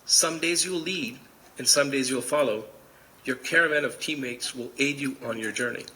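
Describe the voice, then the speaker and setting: A man's voice: mid-range voice, moderate pace, bright, forceful tone, poor audio. A middle-aged man giving a commencement speech, telling stories earnestly and speaking directly to the audience.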